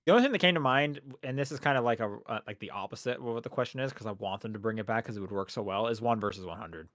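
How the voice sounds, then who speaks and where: A man's voice: fairly low pitch, very fast, fairly bright tone, dry recording. Wry man on a dry close mic. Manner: wry, sarcastic asides. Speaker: podcast co-host. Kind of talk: casual chat.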